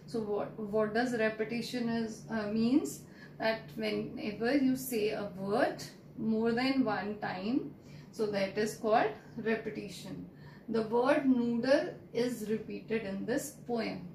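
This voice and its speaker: A woman with an Indian English accent, a primary school teacher giving a lesson and drilling words slowly with stressed vowels. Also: fairly high pitch, darkish tone. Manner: slow, drawn-out word drills with stressed vowels. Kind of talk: online classroom lesson. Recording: echoey room, distant mic, faint noise.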